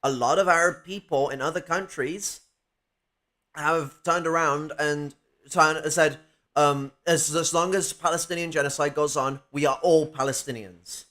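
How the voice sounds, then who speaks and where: A man with a voice a little higher than most men's, making his case in a casual political discussion. He argues point by point, pokes holes in other views and swears often. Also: steady tone, unhurried, bright, forceful tone. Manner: argumentative, swears freely, explains at length.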